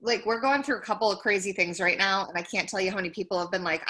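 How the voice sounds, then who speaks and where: A woman's voice: mid-range voice, fast, hardly any pauses, sharp tone. A woman co-hosting a podcast in casual chat, rambling with lots of "like". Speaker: podcast co-host.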